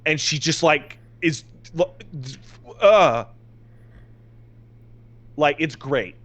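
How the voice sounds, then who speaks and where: A man co-hosting a podcast, telling stories in an excited, exasperated way with restarts and swearing. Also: on the high side, measured pace. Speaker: podcast co-host. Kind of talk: casual chat.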